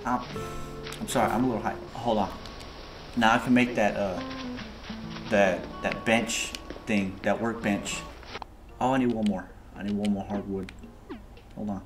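Excitable man, casual let's-play commentary, slangy, game music in the background. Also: fairly low pitch, measured pace, long pauses. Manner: excitable, talks to viewers as "y'all", slangy. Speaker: gaming video host.

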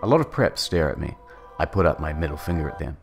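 A man's voice: a bass voice, very animated, fast talker, gravelly, soft background music. A man narrating a comedic dramatic reading, mock-dramatic with sardonic asides.

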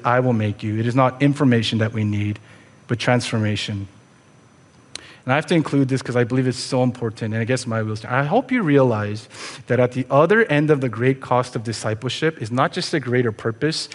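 A man preaches from a church stage, earnest and conversational as he presses his congregation with rhetorical questions. His voice sits in an ordinary middle pitch. The sanctuary adds a long, ringing reverb. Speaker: pastor. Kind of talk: sermon.

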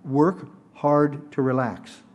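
A man's voice: a little high, slow, a little mellow, slight background noise. A man teaching a sermon at a synagogue service, earnest and emphatic, sometimes rising to exhortation. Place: synagogue sanctuary.

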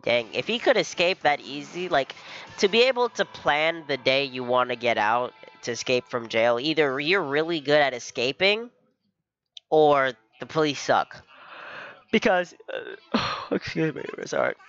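A man's voice: on the high side, animated, measured pace, fairly bright tone, lo-fi sound. A young man giving casual reaction commentary on an anime episode, laughing often and calling everyone "bro".

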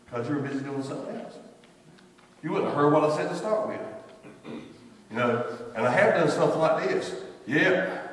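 A man's voice: a little high, expressive, normal speed, long pauses. A man preaching a sermon as pastor, telling folksy stories and acting out what people say. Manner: folksy storytelling, acts out quoted voices. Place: church sanctuary. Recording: distant echoey church hall recording.

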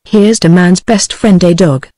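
A synthetic British-accented woman's voice reading the lines of a scheming young man sweet-talking his friend, in a flat tone. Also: fairly low pitch, unhurried, dry recording. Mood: persuasive. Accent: British English.

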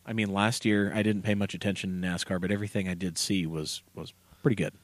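A man's voice: low-pitched, steady tone, fast, no room sound. A man co-hosting a casual car podcast, rambling through stories with lots of fillers, recorded in a basement studio. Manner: rambling, filler-heavy storytelling. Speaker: podcast co-host.

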